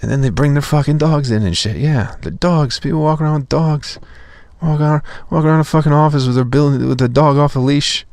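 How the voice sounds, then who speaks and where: A man's voice: a little high, fairly quick, a little mellow, no room sound. A young man telling a profane, exasperated story as a podcast host in a casual comedic rant.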